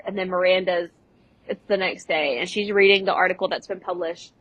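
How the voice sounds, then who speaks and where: A young adult woman co-hosting a podcast, recapping scenes in casual chat and dropping into quick voice impressions with laughs. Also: fairly low pitch, fairly even intonation, a bit bright, no echo, poor audio. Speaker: podcast co-host.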